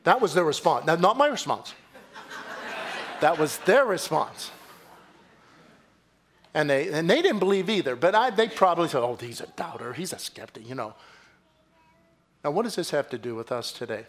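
A man delivers a sermon with a slightly high voice. He preaches dramatically, dropping to quiet phrases and then rising into loud, excited bursts. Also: normal speed, pauses often. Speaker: pastor. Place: church.

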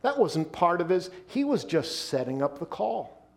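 A male pastor delivering a sermon, emphatic, slowing down and dropping his voice to stress key points. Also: high voice, very animated, vocal fry.

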